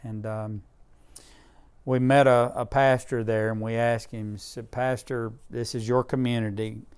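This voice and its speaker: A middle-aged man who leads a disaster relief charity tells heartfelt stories in an interview, earnest and emotional, using Southern grammar. His voice sits at medium pitch with little pitch movement, a little slow, a little mellow, and clear with a resonant tone.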